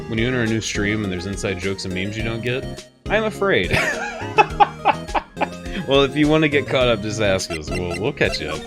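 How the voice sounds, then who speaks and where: With a lowish, very animated voice, a man comments casually on his gameplay at a moderate pace, broken by long pauses. He chats with his viewers, joking and laughing a lot, while game music plays loudly behind him.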